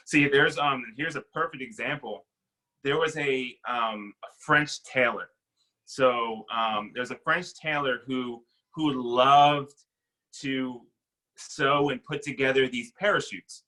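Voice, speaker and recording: A young adult man giving a casual, conversational sermon as a pastor, acting out quick bits of dialogue. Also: medium pitch, pushed and bright, poor audio.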